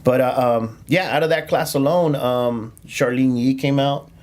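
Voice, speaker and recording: A man's voice: medium pitch, steady tone, measured pace, a little mellow. A man who does stand-up comedy, telling stories on a casual podcast with plenty of fillers, restarts and laughter. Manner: rambling, laughs often, lots of fillers and restarts.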